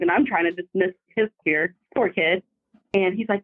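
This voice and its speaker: Brief: animated woman caller telling a story down a thin, tinny phone line. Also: fairly low pitch, fairly quick, dry recording. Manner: animated, vivid retelling. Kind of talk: casual storytelling. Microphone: phone call.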